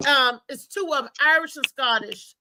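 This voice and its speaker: A woman's voice: high voice, normal speed. A woman hosting a live talk show, chatting casually and telling rambling stories with a lot of laughter. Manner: animated rambling storyteller, laughs often.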